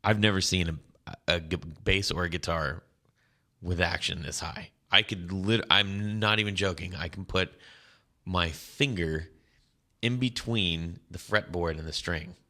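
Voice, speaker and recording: A man with a very low voice co-hosting a casual guitar podcast. He rambles in a halting way, often restarting his sentences and laughing as he talks. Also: bright, forceful tone. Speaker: podcast co-host. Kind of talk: casual chat.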